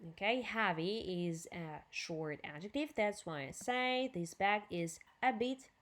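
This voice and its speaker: This woman speaks with a Ukrainian accent and teaches English vocabulary and grammar in a recorded lesson. She keeps a slow, deliberate pace and drills each word clearly for her students. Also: mid-range voice, a bit bright. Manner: slow, clear drilling with switches to Russian explanations.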